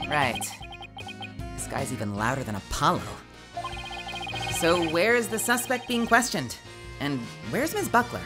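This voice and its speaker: A woman voicing a young male defense lawyer in a low, dry, deadpan tone. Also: a little slow, pauses often, music in the background. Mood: wry.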